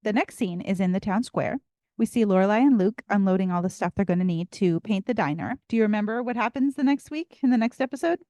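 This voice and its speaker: A woman co-hosting a podcast, recapping episodes in casual chat with frequent laughs and animated storytelling. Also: mid-range voice, fast, dry recording, clean studio sound. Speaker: podcast co-host.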